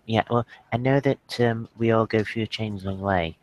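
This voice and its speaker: Very deep-voiced, rambling man. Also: moderate pace, low-quality recording. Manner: rambling, with many fillers like "you know" and "like". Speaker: player. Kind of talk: casual tabletop role-play.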